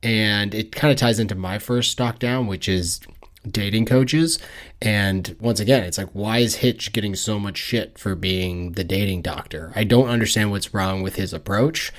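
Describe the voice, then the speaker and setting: Low-voiced sarcastic podcast co-host. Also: male voice, normal speed. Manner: sarcastic, mocking impressions of characters. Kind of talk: casual movie review chat.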